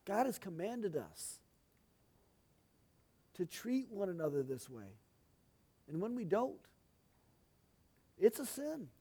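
A man's voice: high voice, big pitch swings, slow, long pauses, warm tone, husky. A man preaching a teaching sermon, folksy and chatty, with asides to the congregation. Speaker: pastor.

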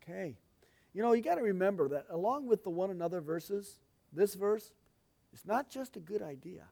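High-voiced folksy male preacher. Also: lively intonation, normal speed, creaky, mellow. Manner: folksy, chatty, asides to the congregation. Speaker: pastor. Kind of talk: sermon-style teaching.

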